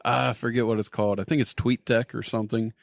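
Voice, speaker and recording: A man's voice: medium pitch, level tone, quick pace, creaky, dry recording. A man hosting a podcast who plays judge and jokes dryly about his rulings. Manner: dry joking. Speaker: podcast host acting as judge. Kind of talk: casual podcast chat.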